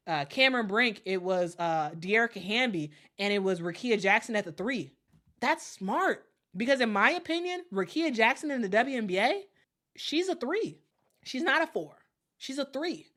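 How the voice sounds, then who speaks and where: A woman's voice: medium pitch, a bit bright. A woman, chatting through a live basketball commentary stream, reading viewer comments and repeating herself as she talks. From Chicago. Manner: repeats herself, reads chat aloud, laughs often.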